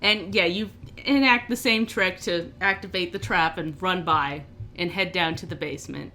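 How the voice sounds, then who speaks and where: A woman narrating a tabletop game as game master, relaxed, with frequent restarts. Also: lowish voice, normal speed.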